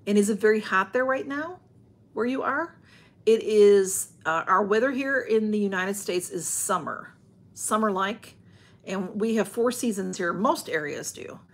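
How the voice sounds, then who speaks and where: Speaking from home on a livestream, a woman rambles casually and greets viewers by name as she reads out their comments. Her voice sits in the mid-range, animated but measured in pace.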